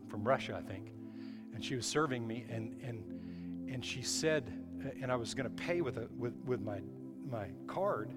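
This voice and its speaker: A male pastor preaching a sermon in a church, emphatic, often restarting his phrases. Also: medium pitch. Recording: hall reverb with faint music.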